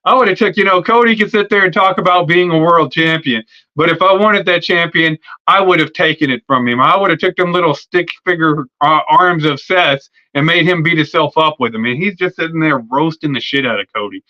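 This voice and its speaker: A wrestling podcast host, male, riffs in an unscripted solo rant on how he'd book the show, his voice raised, bright, edgy, on the high side and a little fast. He's profane and rambling, swearing and stumbling over fillers. His streaming setup mic gives dull, lo-fi audio.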